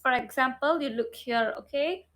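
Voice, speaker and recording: A woman's voice: high voice, lively intonation, takes it slowly, bright, forceful tone. A woman teaching phonics online, repeating each sound over and over and checking in with the learner. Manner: models mouth shape and breath for learners.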